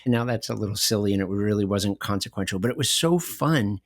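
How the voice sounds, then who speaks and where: A middle-aged man with a low voice, co-hosting a podcast and telling anecdotes with animated energy, often breaking into laughter. The sound is dry and close, with no room around it. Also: quick pace, no room sound. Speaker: podcast co-host. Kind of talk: conversational podcast discussion.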